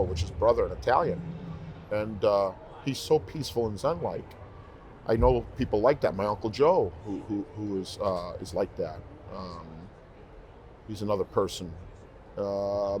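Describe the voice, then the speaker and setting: A man with a fairly low voice, a professional singer, is a guest in an interview, sharing heartfelt stories in casual conversation and repeating phrases for emphasis. A little hiss or hum is audible.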